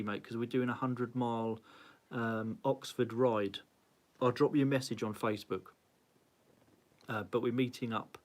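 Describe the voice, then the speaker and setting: A man hosting a casual live-stream rundown of a cycling club's leaderboard, cheery and chatty, greeting viewers by name and laughing at his own slips. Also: medium pitch. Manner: flustered, self-mocking. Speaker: cycling club host.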